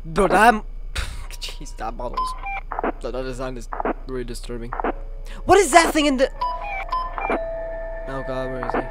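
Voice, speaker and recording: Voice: mid-range voice, very animated, normal speed, pauses often, over music. A horror game player giving panicky, stammering commentary and swearing as they play. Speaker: gameplay streamer.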